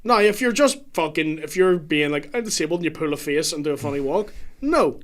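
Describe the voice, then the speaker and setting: A young man chats as a podcast guest in a blunt, animated way, with curse words scattered through his talk. His voice sits a little higher than most men's, and he argues his points with force. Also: brisk. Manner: blunt, animated, swears freely. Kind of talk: casual podcast chat.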